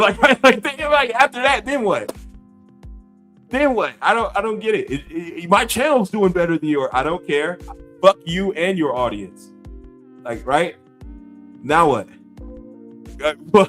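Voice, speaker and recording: A man's voice: high voice, sing-song, normal speed, a bit bright, faint music behind. A man in his fifties, a gaming YouTuber, ranting to camera with profanity and scornful laughter. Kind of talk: heated rant to camera.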